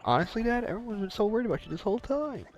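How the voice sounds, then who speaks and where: A man's voice: mid-range voice, big pitch swings, brisk, a little mellow, soft background music. A man voicing an eager, earnest young male turtle hero while reading game dialogue aloud.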